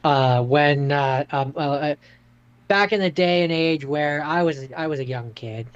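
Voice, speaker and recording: A man in his thirties co-hosting a movie podcast, speaking in a halting way with many fillers. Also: fairly high pitch, smooth, highs cut off. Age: 30s. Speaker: podcast co-host. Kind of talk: casual movie review chat.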